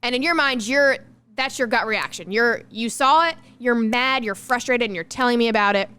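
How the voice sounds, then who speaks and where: A woman's voice: on the high side, normal speed, sharp tone, clear, resonant tone. A woman co-hosting a podcast in casual chat, explaining an idea at length with everyday examples. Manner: explanatory, laughs easily. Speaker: podcast co-host.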